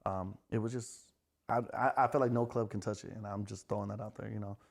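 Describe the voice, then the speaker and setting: An American man, a club promoter, telling stories on a podcast in a quick, profane, animated way. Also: on the low side, gravelly. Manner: fast, profane, animated storyteller. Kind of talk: casual storytelling chat.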